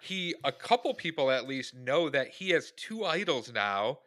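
A man's voice: medium pitch, big pitch swings, measured pace, bright, forceful tone, no echo. A man co-hosting a casual chat podcast, giving easygoing, reasoned opinions. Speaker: podcast co-host.

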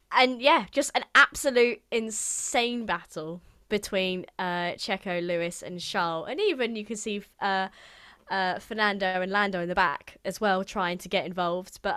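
Her voice is medium-pitched, sharp and clean as this young woman co-hosts a podcast. The chat is casual and full of fillers, and she is bubbly and laughs a lot.

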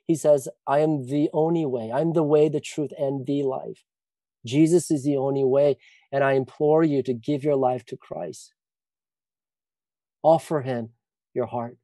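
A man's voice: mid-range voice, steady tone, measured pace, mellow, dry recording. A man preaching a sermon, talking earnestly with many restarts and asides. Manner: earnest preaching with frequent restarts and "you know". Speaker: pastor. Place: church retreat service.

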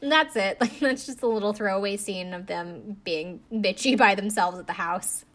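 A woman's voice: mid-range voice, normal speed, fairly bright tone. A woman recapping a reality dating show in a chatty, snarky way, often acting out quotes in funny voices. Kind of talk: casual recap chat.

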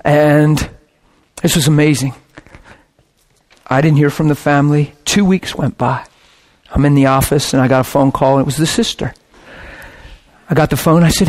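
A man preaching, telling a personal story with lively swings between hushed and shouting moments. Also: on the high side, moderate pace, pauses often. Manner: animated, bursts into shouting and laughter. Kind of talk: sermon storytelling.

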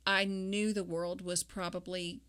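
A woman with a somewhat low voice talks about her faith. She speaks reflectively, pausing often and using many fillers. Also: little pitch movement, fairly bright tone, clean tone. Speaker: guest; grieving mother. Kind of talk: personal faith interview.

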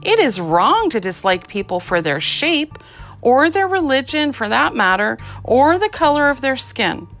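A woman's voice: sits high, very animated, measured pace, a bit bright, faint music behind, pitched above the performer's own voice, full character voice. A woman voicing a principled, firm mother in a storybook, moralizing in tone. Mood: stern.

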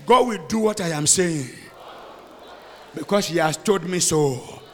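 A man leading a fiery sermon and prayer, alternating shouted prayer with quieter speech. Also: on the high side, a little slow, slight background noise. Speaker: pastor. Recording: long hall reverb.

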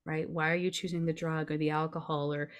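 Her voice is low-pitched and clean-toned, level, and fairly quick. Appearing as a podcast guest, this grief coach explains emotions in a conversational, earnest, reassuring way, often checking in with her listener.

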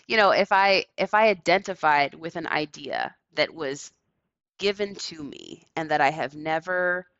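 Woman on a call, gravelly low-fi voice, thinks out loud slow, laughs a lot. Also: dry recording, dull audio. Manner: reflective, laughs often, speaks in slow deliberate phrases. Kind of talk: casual discussion. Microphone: remote call.

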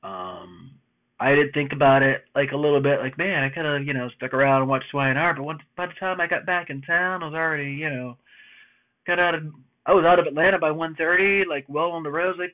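A man telling a rambling personal story in casual monologue, swearing often and filling pauses with "you know". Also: a little high. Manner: rambling, profane, lots of fillers and restarts. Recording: phone-like narrow band.

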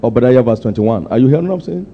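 An older man preaching a sermon, pushing his people for answers and climbing to sudden high, emphatic peaks. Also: expressive, very fast. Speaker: pastor. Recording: muffled lo-fi sermon recording.

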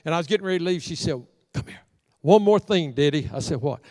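A man's voice: on the high side, lively intonation, quick pace, mellow, no room sound, in a large hall. A middle-aged man preaching a storytelling sermon in a church sanctuary, acting out the voices in his folksy stories. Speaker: pastor.

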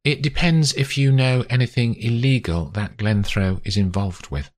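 A man reading an audiobook, voicing a calm female investigator who questions in a level, probing way. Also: rumbling low, moderate pace, pitched above the performer's own voice. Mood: serious.

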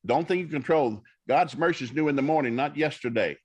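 Folksy preaching man, slightly high voice. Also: fairly quick, husky. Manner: folksy preacher storytelling, acts out dialogue. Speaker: minister. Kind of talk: storytelling talk-show guest.

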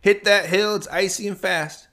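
A man's voice: sits high, fairly even intonation, moderate pace, a bit bright, voice pushed up. A man voicing an enthusiastic, cheerful father coaxing his son outside. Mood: upbeat.

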